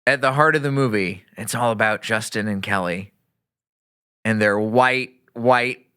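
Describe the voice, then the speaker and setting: A man from Texas hosts a casual comedy podcast, rambling through a movie recap with an animated, laughing delivery. His voice is bright and forceful, with a smooth, resonant tone. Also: lowish voice, unhurried. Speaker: podcast host.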